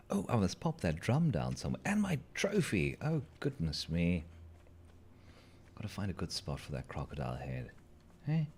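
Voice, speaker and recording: A gaming channel host with a low, slightly mellow voice chats playfully through a let's-play, joking with the creatures on screen. There is slight background noise.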